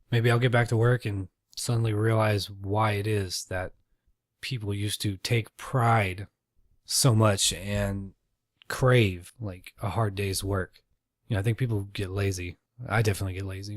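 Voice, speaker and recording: A podcast host with a lowish voice talks on his own in a casual show, recorded at studio quality with no room sound. He rambles, curses without restraint and pokes fun at himself.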